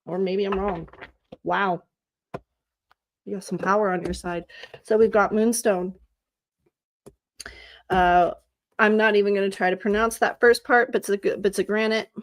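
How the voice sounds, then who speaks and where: A woman at a middle pitch hosting a live stream of psychic card readings. She chats casually and warmly with viewers, calls them honey, and reads each card's meanings aloud as a string of keywords. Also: fairly even intonation, normal speed, long pauses, slight background noise. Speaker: psychic reader and channel host.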